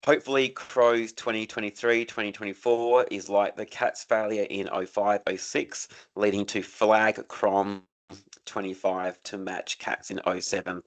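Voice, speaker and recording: A man's voice: lowish voice, level tone, measured pace. A man co-hosting a casual footy podcast, reading out listener messages and keeping his co-host in check. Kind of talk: casual chat.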